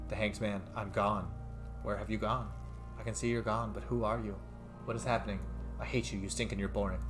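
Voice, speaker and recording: A man with a low voice reads game dialogue aloud and comments on it as he plays. His pitch leaps up when something excites him, and faint music plays under his voice. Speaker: let's play streamer.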